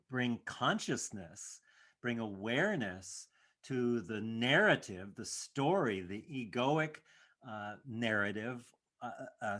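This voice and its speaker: A man with a voice of middle pitch, hosting a reflective spiritual conversation. He speaks emphatically and repeats his key phrases. He is a meditation teacher. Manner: animated, emphatic, laughs at his own remarks.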